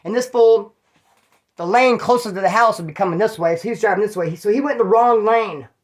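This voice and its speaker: A man's voice: high voice, brisk. A man from California casually telling prison stories, in a profane, slangy, rambling way with restarts. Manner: mimics others in quoted voices. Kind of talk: casual storytelling.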